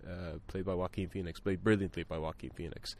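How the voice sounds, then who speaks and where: A man with a lowish voice talks films in a relaxed, unscripted way. He pauses often, restarting sentences with plenty of fillers as he thinks aloud. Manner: thoughtful, many fillers and restarts. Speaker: film podcast guest. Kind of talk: casual film discussion.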